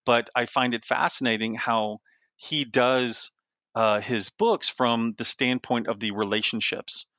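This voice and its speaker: A middle-aged author being interviewed tells casual, rambling stories with laughter, restarts, and trailing asides. His medium-pitched voice is steady, bright, and forceful, unhurried in pace, on a dry recording.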